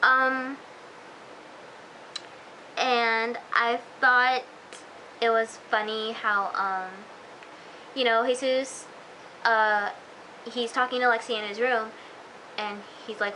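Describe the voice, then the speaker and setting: Girl chatting through a tv recap, high bright voice, lots of like and um, faint hiss. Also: steady tone, slow pace, pauses often, low-quality recording. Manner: gushing, chatty, full of "like" and "um". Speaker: TV episode reviewer. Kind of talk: casual vlog recap.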